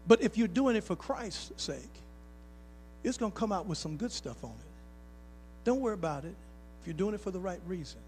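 High-voiced pastor preaching with swing. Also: male voice, big pitch swings, a little fast, long pauses, darkish tone, slight background noise. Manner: preacher's call-and-response, folksy, rising to emphatic. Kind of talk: sermon with personal stories. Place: church sanctuary.

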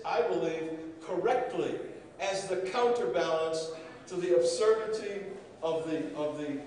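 A man's voice: high voice, darkish tone. A man speaking as master of ceremonies at a podium, giving a joking, digressive conference speech and often repeating words. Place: large event room. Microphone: podium microphone. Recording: echoey hall, voice far from mic.

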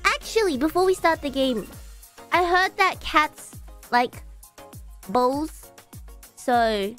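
A woman streaming a game live, playful and excitable, gasping, meowing and talking in cutesy broken grammar. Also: high voice, slow pace, pauses often, soft background music.

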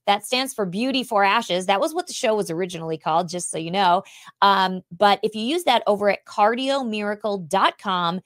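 A woman's voice: mid-range voice, a bit bright, dry recording, clean studio sound. A woman hosting a talk show, reading a sponsor spot and chatting with a guest in a bubbly, effusive way. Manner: bubbly and effusive, quick to laugh. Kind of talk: casual interview chat.

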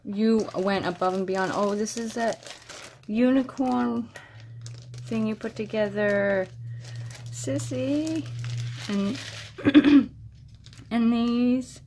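Female vlogger unboxing crafts, high-ish voice, unhurried, gasping and gushing. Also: a little hiss or hum. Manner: gushing, breathy gasps of delight; soft-spoken, addresses her friend directly. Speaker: crafting vlogger opening mail. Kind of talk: casual unboxing chat.

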